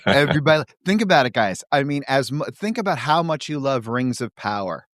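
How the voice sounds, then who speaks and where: A man's voice: mid-range voice, animated, a little fast, a bit bright, no room sound, studio quality. A man co-hosting a podcast, chatting casually with sarcastic jokes. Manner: sarcastic, jokey. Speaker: podcast co-host. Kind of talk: casual chat about comic strips.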